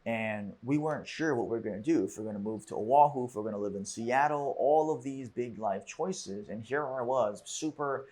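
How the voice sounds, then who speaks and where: A man hosting a podcast, telling a personal story in a halting, reflective way with frequent restarts. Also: mid-range voice, darkish tone. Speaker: podcast host.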